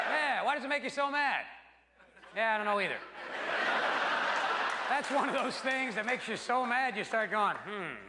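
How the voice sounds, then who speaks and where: Male stand-up, animated and brash, higher voice, live hall recording with a roaring audience. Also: very noisy. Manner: brash, animated storytelling with sudden put-on voices. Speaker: stand-up comedian. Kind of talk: stand-up routine. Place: large theater stage before a live audience. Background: loud audience laughter.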